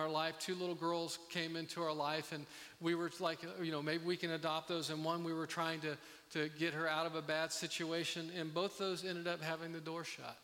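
A middle-aged man preaching a sermon as pastor, earnest and halting, with many restarts. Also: on the high side, pushed and bright. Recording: long reverb of a hall.

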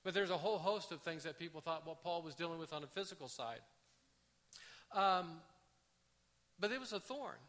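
Man, pastor, sermon, high voice, bright tone, casual restarts. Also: moderate pace, pauses often. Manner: conversational, animated, with frequent restarts.

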